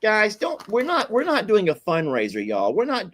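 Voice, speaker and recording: A man's voice: high voice, huge pitch swings, normal speed, a bit bright, a little hiss or hum. A man hosting a casual live stream from home, chatty and giggly, rambling with frequent restarts. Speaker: livestream host. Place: home, indoors.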